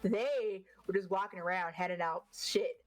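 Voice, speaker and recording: A young woman from the southern United States, telling blunt, animated stories with swearing as a guest in a casual interview. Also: mid-range voice, normal speed. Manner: blunt, animated storytelling with swearing and acted quotes.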